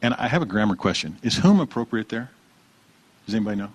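A man preaching a conversational sermon, relaxed, asking the congregation questions and repeating their answers. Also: on the low side, fast talker, slightly rough, dry recording. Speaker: pastor.

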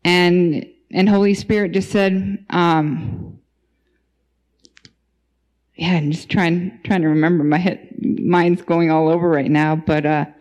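Woman thinking aloud with halting restarts. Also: fairly low pitch, fairly even intonation, darkish tone. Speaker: podcast guest. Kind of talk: casual spoken testimony.

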